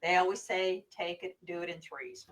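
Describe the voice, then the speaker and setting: A Midwestern American co-host speaks at an ordinary middle pitch. They chime in with agreement and practical tips in a relaxed, casual group chat. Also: moderate pace. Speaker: paranormal investigator co-host.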